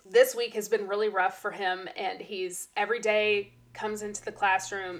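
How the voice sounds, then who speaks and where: This podcast co-host, a teacher, speaks at medium pitch and a moderate pace with hardly any pauses. She chats casually and tells stories with energy, putting on children's voices.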